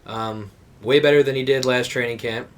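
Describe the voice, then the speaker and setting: Young male co-host, loose and animated, mic set a bit back. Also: medium pitch, normal speed, far from the mic, a little hiss or hum. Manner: animated storyteller, laughing, swears casually. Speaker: podcast co-host. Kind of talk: casual chat.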